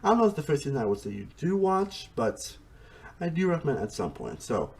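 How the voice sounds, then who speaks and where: A man's voice: a little high, big pitch swings, fairly quick, vocal fry. A man giving a casual spoken review of a TV series, rambling along, restarting his sentences and leaning on "honestly" and "again" as he goes. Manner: restarts sentences mid-thought. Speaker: TV show reviewer.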